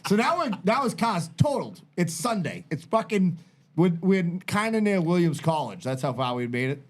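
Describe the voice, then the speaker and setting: A middle-aged man telling a long, profane, rambling story in casual podcast chat, animated and full of tangents. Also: high-pitched, normal speed. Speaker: podcast host.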